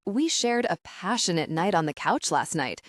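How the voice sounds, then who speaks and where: A gruff young man with a teasing, lively delivery, as a woman narrator reads him. His voice sits low for a woman and moves widely in pitch. The sound is close and dry. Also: moderate pace, no echo.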